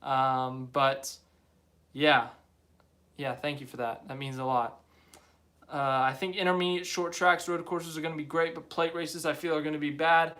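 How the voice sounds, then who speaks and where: A man's voice: a little high, level tone, moderate pace, sharp tone. A young man hosting a live stream, chatting casually and rambling as he reads viewer comments aloud. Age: young adult.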